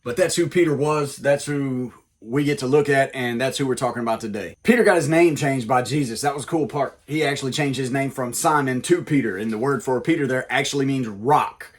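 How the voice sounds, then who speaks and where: A man's voice: medium pitch, fairly quick, hardly any pauses, slightly rough. A man hosting a comedic Bible lesson, telling the story in a jokey, casual, wisecracking way. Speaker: comedic preacher, host.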